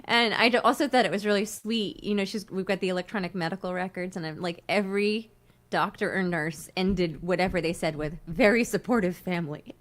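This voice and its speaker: Briskly and in a fairly low voice, a middle-aged woman hosts a laid-back livestream chat. Talkative and full of laughter, she tells animated stories.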